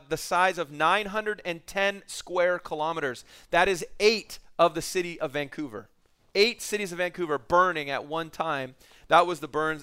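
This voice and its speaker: A man's voice: on the high side, sharp tone, clear, resonant tone. A man preaching a sermon, telling a story with acted quotes and swings of emphasis. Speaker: pastor.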